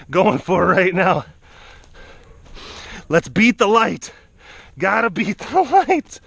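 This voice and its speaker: Out of breath and outdoors, this big-cat vlogger keeps up a casual running commentary, coaxing the animals and chatting to them between comments. His voice sits on the high side with a fairly bright tone, and there's no echo.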